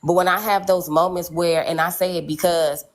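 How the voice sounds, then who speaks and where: A woman's voice: on the low side, fairly even intonation, moderate pace. A middle-aged woman on a podcast panel, speaking candidly in casual, slangy chat. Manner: candid, storytelling, slangy, repeats "you know what I'm saying".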